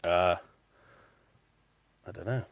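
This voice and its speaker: A man's voice: low voice, takes it slowly, clear, resonant tone, no echo. A man chatting casually on a live stream, reading out comments in a cupboard he uses as a recording booth. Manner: chatty and animated, repeats himself. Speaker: metal-detecting vlogger and voice artist.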